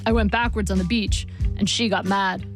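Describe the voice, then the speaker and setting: A woman voicing a confused elderly father who talks in a halting way as he tries to keep up. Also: mid-range voice, steady tone, over music, lightly acted. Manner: game, halting, trying to keep up.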